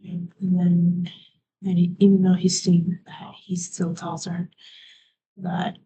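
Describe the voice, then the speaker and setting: A woman live streamer rambling through a story in a soft, half-whispered way, often trailing off. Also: fairly low pitch, monotone, takes it slowly, background noise.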